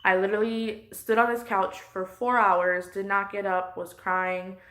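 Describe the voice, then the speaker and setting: A woman's voice: mid-range voice, flat delivery, a little slow, a bit bright. A woman close to tears, venting her frustration in a personal vlog from her couch at home. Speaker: vlogger.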